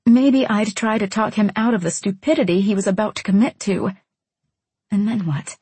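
A woman's voice: mid-range voice, normal speed, darkish tone, husky, dry recording. A woman narrating a first-person novel in a wry, introspective manner. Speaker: audiobook narrator.

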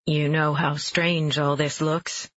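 A man reading the part of a terse middle-aged male police detective with a slow, dry drawl, on a dull, dry recording. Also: on the high side, flat delivery, a bit bright, no room sound.

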